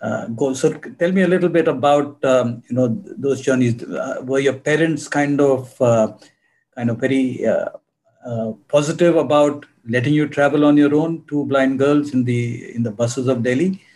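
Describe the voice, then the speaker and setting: Mellow man interviewer, hesitant. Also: medium pitch, normal speed. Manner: hesitant questioning with many fillers. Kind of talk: casual conversational interview.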